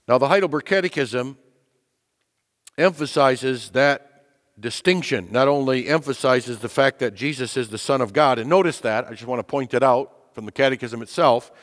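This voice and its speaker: A man preaching a teaching sermon on a catechism, stressing key words and repeating them, his voice lifting in pitch to drive points home. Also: normal speed. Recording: long echo of a large hall.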